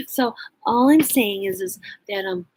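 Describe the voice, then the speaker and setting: A woman's voice: fairly high pitch, a little mellow, slightly rough, no echo, low-quality recording. A middle-aged woman vlogger telling a personal story, earnest and emotional, sometimes dropping to near whispers.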